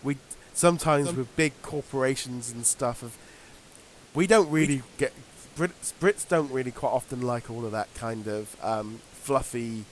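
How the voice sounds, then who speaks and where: A man's voice: mid-range voice, a little hiss or hum. A British man co-hosting a podcast in casual, rambling chat with lots of fillers and restarts. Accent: British English. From Britain. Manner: rambling, halting, many fillers. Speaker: podcast co-host.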